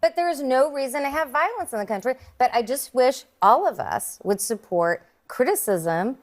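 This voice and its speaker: A woman's voice: high-pitched, animated, moderate pace. A woman on a TV panel debate, making pointed, sardonic arguments.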